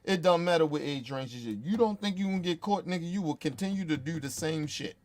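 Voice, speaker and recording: High-voiced man in a heated rant. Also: brisk. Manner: heated, blunt, repetitive, swearing. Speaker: commentator. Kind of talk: profane political rant.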